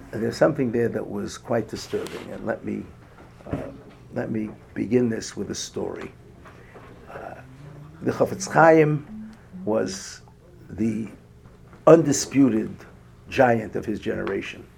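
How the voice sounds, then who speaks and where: Gravelly halting older male lecturer. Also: on the low side. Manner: halting, many restarts and fillers; rising emphasis on lists. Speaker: rabbi lecturer. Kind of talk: Torah lecture. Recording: faint background noise.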